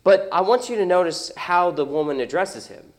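A man's voice: high voice, lively intonation, normal speed. A young adult man preaching a sermon as pastor, conversational and emphatic, with many rhetorical questions.

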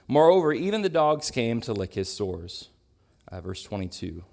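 A man teaching a Bible lesson to his congregation, talking it through thoughtfully, sometimes clearing his throat and correcting himself as he reads. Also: medium pitch, big pitch swings, moderate pace, a little mellow. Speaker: preacher.

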